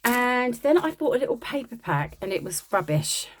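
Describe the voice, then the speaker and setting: A crafting vlogger shows off her craft supply haul in a casual show-and-tell chat, rambling a little in a chatty, self-deprecating way. Her voice sits on the high side, sing-song, at a normal speed.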